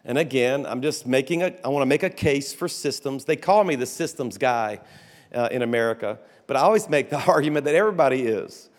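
A pastor delivers a conference sermon packed with folksy stories, restarts, asides, and laughter. His mid-range voice is brisk with lively intonation, and the hall gives it a long reverb.

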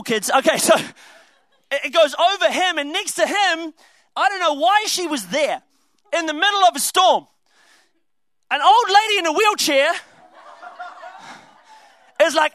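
A young man preaching a comedic sermon, telling a story with laughs and quick asides. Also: very high-pitched, pushed and bright, no room sound.

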